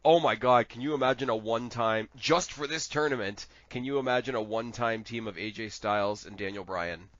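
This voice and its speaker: A man co-hosting a podcast in casual wrestling chat, animated and rambling, swearing freely. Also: mid-range voice, brisk, few pauses, muffled recording. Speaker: podcast co-host.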